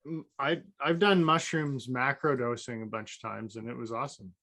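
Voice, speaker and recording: A man's voice: medium pitch, moderate pace, pushed and bright. A man co-hosting a podcast, telling stories in a dry, joking way with many fillers. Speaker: podcast co-host. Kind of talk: casual storytelling.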